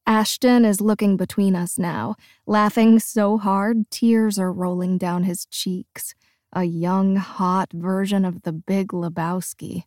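A woman narrating a first-person audiobook with expressive, lively storytelling. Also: fairly low pitch, takes it slowly, dry recording, studio quality.

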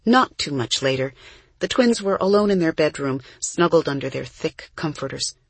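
A woman narrating a children's book in a calm, even storytelling manner. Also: low voice, moderate pace, breathy edge, no room sound. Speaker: audiobook narrator. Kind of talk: scripted narration.

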